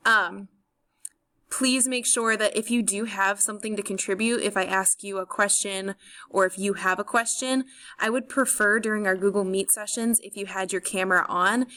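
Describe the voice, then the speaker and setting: A young woman in her twenties, from St. Louis, giving a recorded course overview as a high school chemistry teacher in a friendly, organized way with frequent ums. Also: fairly bright tone. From St. Louis, USA.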